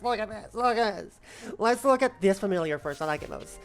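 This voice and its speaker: An animated woman streaming a game who chats with her viewers, swears freely and jumps between low asides and delighted reactions. Her voice sits at a middle pitch, with faint music running under her talk. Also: moderate pace. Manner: animated, swears, talks to chat. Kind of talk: casual gaming livestream.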